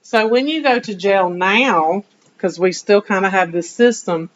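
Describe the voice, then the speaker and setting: Animated woman teacher firing off questions. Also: medium pitch, unhurried, muffled recording. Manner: animated, rhetorical questions to students. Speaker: history teacher. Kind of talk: classroom lecture. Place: classroom.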